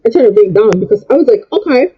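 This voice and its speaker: A man's voice: sits high, rapid-fire, husky, muffled recording. A young man telling a storytime rant in an agitated way, repeating and stumbling over his words. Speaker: vlogger.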